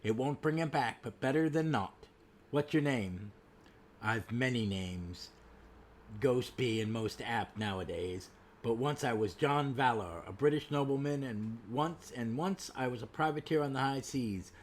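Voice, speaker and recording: A man's voice: medium pitch, a little slow, a little hiss or hum, close to an everyday voice. A man voicing a ghostly male pirate and former nobleman, in mock-archaic pirate speech, while reading comic dialogue aloud. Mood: grim.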